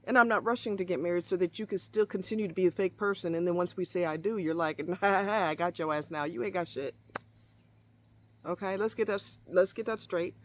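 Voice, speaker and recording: A middle-aged woman vlogging outdoors, venting bluntly with heavy swearing and emphatic repetition. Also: medium pitch. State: sweating in the heat. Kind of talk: outdoor vlog rant. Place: outdoors in hot muggy nature.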